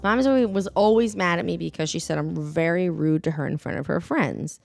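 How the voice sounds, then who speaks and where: A woman's voice: on the low side, fairly quick, vocal fry, soft background music. A young adult woman co-hosting a podcast, a blunt, rambling storyteller who laughs often in casual chat. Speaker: podcast co-host.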